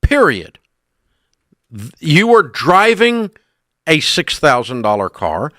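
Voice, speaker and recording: A man's voice: fairly high pitch, huge pitch swings, takes it slowly, pushed and bright, no room sound, studio quality. A middle-aged man hosting a call-in radio advice show, speaking bluntly and emphatically and scolding bad choices.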